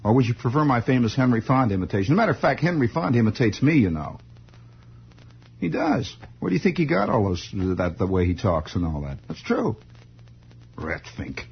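A man's voice: medium pitch, big pitch swings, quick pace, vocal fry, slightly rough. A man hosting late-night radio, delivering a wry, sardonic rambling monologue. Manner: wry, sardonic, mock-grumpy. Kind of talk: rambling monologue with sing-alongs. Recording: lo-fi old radio broadcast.

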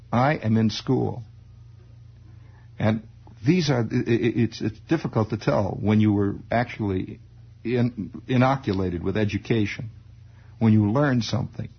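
A man telling a childhood story in a wry, animated way, often chuckling. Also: medium pitch, gravelly, husky. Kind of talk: spoken storytelling monologue. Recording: dull lo-fi recording.

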